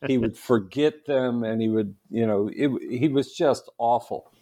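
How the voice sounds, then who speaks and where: A man guest on a podcast, telling stories in a lively, animated way and laughing often. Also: mid-range voice, a little slow. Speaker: guest apologist. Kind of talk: casual storytelling interview.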